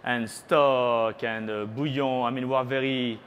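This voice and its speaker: A man's voice: medium pitch, fairly even intonation, a little slow, a bit bright, lo-fi sound, a little hiss or hum. A man from France with a French accent, a chef giving a chatty live cooking demonstration on a trade show stage, teasing the audience and slipping into French phrases.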